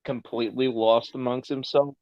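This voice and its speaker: A man's voice: mid-range voice, steady tone, moderate pace. A man hosting a podcast, casually retelling a story with plenty of swearing. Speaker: podcast host. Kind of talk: casual chat. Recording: dull lo-fi sound.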